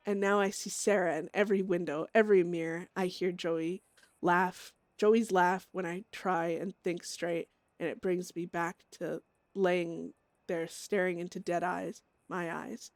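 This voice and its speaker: A haunted young outlaw woman, voiced by a woman, murmurs her journal in a brooding inner monologue. The voice sits low and the sound is dry and close, and she sinks into whispers. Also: fairly even intonation, a little slow, no echo. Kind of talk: reading a character's journal aloud.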